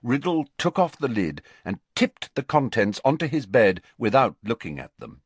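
A man giving a deliberate scripted audiobook narration in an even storytelling manner. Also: medium pitch, breathy edge, dry recording.

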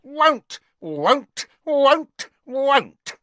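A man voicing a stubborn, spiteful male house elf with a croaking, shrill voice, repeating one word over and over. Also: very animated, extremely slow, a bit bright, dry recording, heavily acted. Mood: furious refusal. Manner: screams the same word over and over.

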